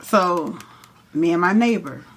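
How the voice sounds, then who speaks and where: A young woman, casually telling a profane, animated story while doing her makeup. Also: on the low side, slow. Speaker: hairstylist and vlogger.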